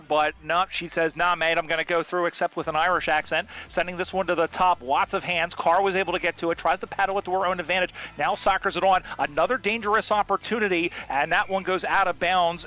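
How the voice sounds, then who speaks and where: A man calling a live football match play by play, quick and jokey, often pausing on uh. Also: high-pitched, bright, forceful tone. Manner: quick, jokey call with frequent uh fillers. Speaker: play-by-play commentator. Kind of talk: live sports commentary.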